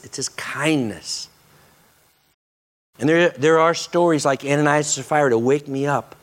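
Middle-aged male pastor preaching earnestly, leaning soft and slow on key lines. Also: a little high. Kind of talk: sermon.

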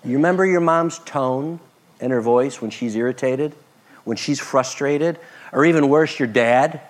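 A man preaching a sermon, expressive, moving between loud emphasis and soft, hushed passages. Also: mid-range voice, a little slow. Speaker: pastor.

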